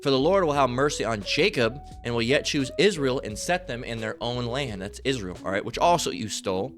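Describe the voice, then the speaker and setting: A man's voice: mid-range voice, expressive, brisk, fairly bright tone, faint music behind. A man preaching a fiery, profane sermon, reading scripture aloud and often breaking off with "all right?" asides. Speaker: street-style preacher.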